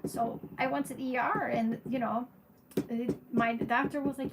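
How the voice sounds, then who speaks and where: A woman's voice: a little high, normal speed, gravelly. A woman astrologer chatting casually on a livestream, frank and talkative, answering viewers by name. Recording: steady background noise.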